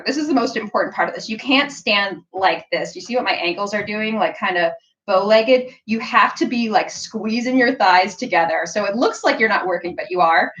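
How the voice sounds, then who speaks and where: A woman's voice: a little high, a bit bright, dull audio. A woman hosting a casual live-stream tutorial, chatty and playful, with lots of "like" and "um". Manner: chatty, frequent "like" and "um", bursts of playful sounds. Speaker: sewing pattern designer hosting a live stream.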